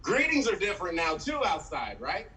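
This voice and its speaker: A man from San Diego performing an animated stand-up set, swearing freely and acting out quotes. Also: high-pitched, moderate pace, distant mic, background noise. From San Diego, USA. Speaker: stand-up comedian. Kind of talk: live-streamed stand-up set.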